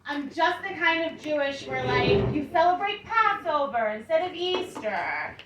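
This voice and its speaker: A woman's voice: high-pitched, big pitch swings, unhurried, highs cut off, heavy background noise. A woman in her thirties performing a stand-up comedy set with wry, self-deprecating storytelling. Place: comedy club stage before a laughing crowd. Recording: echoey club recording from a distance, crowd laughter.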